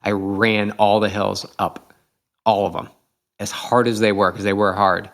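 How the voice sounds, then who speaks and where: A man's voice: on the low side, flat delivery, unhurried, creaky. A middle-aged man, a podcast host, telling a race story in casual chat, eager and reflective, with many fillers.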